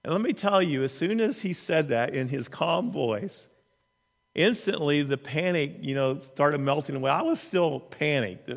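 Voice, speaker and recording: A man's voice: on the high side, lively intonation, unhurried, gravelly. A man telling a personal story in an earnest, conversational way, often restarting his sentences. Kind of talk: storytelling in a talk. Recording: long hall reverb.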